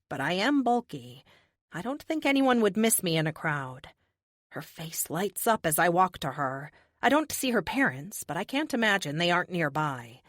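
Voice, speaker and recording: Female audiobook narrator, fairly low voice, wry and emotive, dry close mic. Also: a bit bright, no room sound. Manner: wry, emotive first-person delivery. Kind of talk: first-person audiobook narration.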